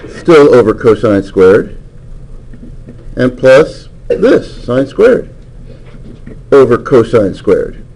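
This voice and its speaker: A man's voice: medium pitch, darkish tone, rough recording. A man teaching a math class, lecturing and coaxing answers from students with frequent questions.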